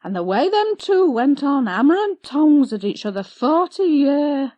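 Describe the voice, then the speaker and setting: A bustling, gloomy village wife, as a woman reader puts her on, grumbling in broad country dialect at an unhurried pace. Her pitch swings widely as she complains. The storybook recording is dry and close. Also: very animated, warm tone, no room sound, muffled recording. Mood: brisk. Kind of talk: audiobook character voice.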